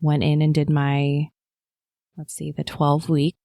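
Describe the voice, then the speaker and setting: A woman in her thirties, guesting on a podcast, tells her birth story in a chatty, casual way, using lots of fillers and quoting people with liveliness. Her voice sits low and moves slowly, with vocal fry.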